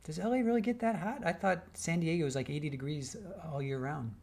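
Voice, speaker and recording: An older man from the Midwest hosts a casual livestream, reading out viewer comments and chatting back. His voice sits a little high for a man, and his talk rambles with frequent restarts. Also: steady tone, brisk, gravelly, darkish tone, a little hiss or hum. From American Midwest. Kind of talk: casual chat while waiting for a trial.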